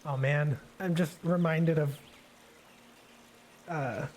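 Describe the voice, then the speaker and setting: A man giving a relaxed, rambling live painting demonstration, thinking aloud with many fillers and restarts as he works. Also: a little high, slow pace, a little hiss or hum. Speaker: art instructor painting live. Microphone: desk microphone on a livestream.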